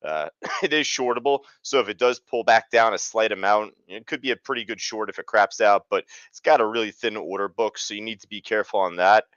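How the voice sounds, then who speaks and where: A man's voice: fairly low pitch, fairly quick, fairly bright tone, no echo, highs cut off. A man hosting a live trading webinar, talking casually with lots of fillers. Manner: casual, chatty, many fillers. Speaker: trading room host.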